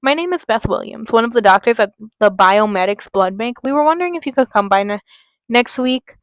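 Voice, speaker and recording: A businesslike female doctor speaks politely on a phone call, as a woman reading a story voices her. Her voice is a little high. The sound is close and dry. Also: expressive, brisk, no room sound, lightly acted.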